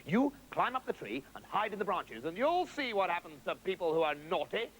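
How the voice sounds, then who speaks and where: Man playing a pompous old teacher, stern and scoldy, high voice. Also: big pitch swings, fairly quick, a bit bright, slight background noise, rough recording.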